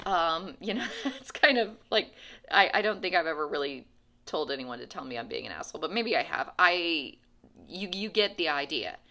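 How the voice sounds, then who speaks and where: A woman's voice: sits low, expressive, moderate pace, pushed and bright. A woman vlogging casually to camera, rambling with many restarts and acting out her own frustrations. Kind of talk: casual talking-to-camera vlog.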